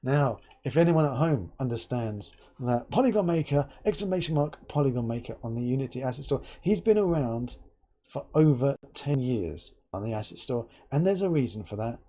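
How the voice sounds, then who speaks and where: A man's voice: medium pitch, normal speed, breathy edge. A man from England hosting a casual live interview, joking and telling stories with lots of laughter. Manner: joking, animated storyteller, laughs often. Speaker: host.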